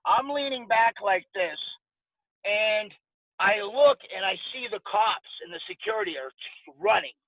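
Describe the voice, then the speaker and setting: A man in his forties, a podcast guest, casually telling lively stories and acting out the dialogue. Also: high voice, measured pace, dry recording. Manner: animated anecdote-telling with quoted dialogue. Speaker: podcast guest, former boxer. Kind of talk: casual storytelling interview. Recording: dry, tinny phone-like sound.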